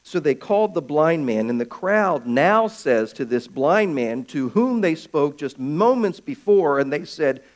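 A man preaching a sermon as pastor of his church, swinging from loud calls to hushed, quiet stretches. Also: a little high, sing-song, a little slow, few pauses.

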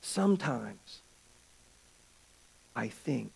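A man preaching a sermon as pastor of his church, swinging from loud calls to hushed, quiet stretches. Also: a little high, animated, a little slow, creaky, slight background noise.

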